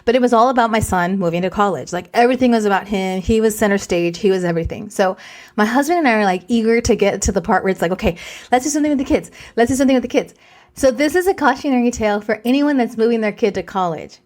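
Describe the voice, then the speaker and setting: Speaking fast at a medium pitch, this podcast co-host, a woman in her forties, tells a story in relaxed chat. She's lively and slips Spanish words into her speech.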